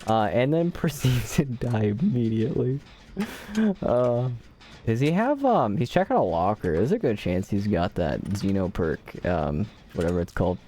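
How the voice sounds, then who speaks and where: A man's voice: on the low side, big pitch swings, moderate pace, warm tone, a little hiss or hum. A man streaming a video game, giving live commentary in a joking, mock-dramatic way and talking to the characters on screen.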